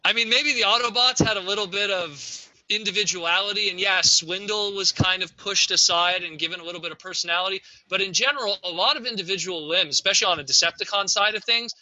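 A man with a high, very bright and forceful voice holds forth in a casual group chat, opinionated and emphatic in long rants. The recording is dry and a little dull, with a lo-fi edge. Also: fast talker, few pauses, dry recording.

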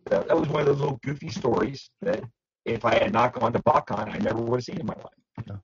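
A man on a podcast panel, telling casual stories with lively acted-out quotes. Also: medium pitch, fairly quick, slightly rough, dull audio. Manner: animated storyteller, acts out quotes. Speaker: podcast panelist, toy dealer. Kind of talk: casual storytelling chat.

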